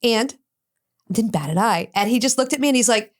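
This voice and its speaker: This woman's voice sits high, with lively intonation and a slightly fast pace. She's a middle-aged addiction specialist being interviewed, acting out both roles in a story with blunt energy and cursing.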